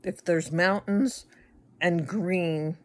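A woman's voice: lowish voice, steady tone, very slow. A middle-aged woman from the United States chatting casually to her viewers, rambling with stammered restarts and wry asides. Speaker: vlogger. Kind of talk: casual chat to camera.

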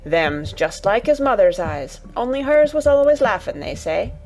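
A woman voicing a gentle, earnest farm boy in an audiobook reading, speaking in broad dialect over faint music. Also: mid-range voice, big pitch swings, normal speed. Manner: broad dialect, warm and coaxing.

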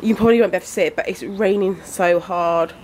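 A woman's voice: on the low side, quick pace, a little mellow, a little hiss or hum. A woman in her twenties from the UK, chatting casually to her viewers while filming at home. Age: 20s. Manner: chatty and rambling, addressing viewers directly. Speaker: vlogger. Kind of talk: casual vlog chat. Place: at home indoors.

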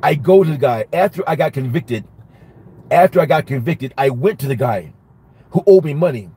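Leading a Bible study, this man speaks as a minister, sharing a personal story with sermon-like liveliness and repeating each phrase to drive it home. His voice is husky and medium in pitch, at a moderate pace.

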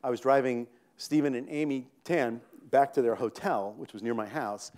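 A man's voice: mid-range voice, normal speed, darkish tone. A man in his sixties from New York State, an author telling rambling, self-interrupting comic stories on a theater stage and laughing at his own punchlines. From New York State, USA. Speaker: author guest. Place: theater stage before an audience.

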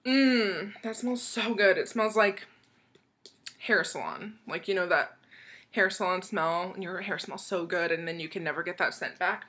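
A woman's voice: lowish voice, normal speed, sharp tone. A young woman from the United States chatting casually as she opens a package, bubbly and gushing, with frequent giggles. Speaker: vlogger opening a swap package. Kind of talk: casual excited unboxing chat.

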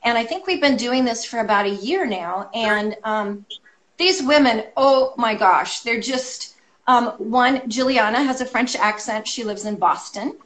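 A woman's voice: on the high side, a little slow, fairly bright tone. A woman, a guest artist from California, chatting enthusiastically on a video call with lots of ums. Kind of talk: casual chat.

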